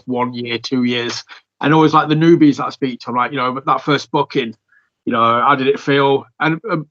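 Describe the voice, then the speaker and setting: A man's voice: medium pitch, a bit bright. A man hosting a podcast, chatting casually and encouragingly, with plenty of "you know" in his talk. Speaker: podcast host. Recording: dull lo-fi sound.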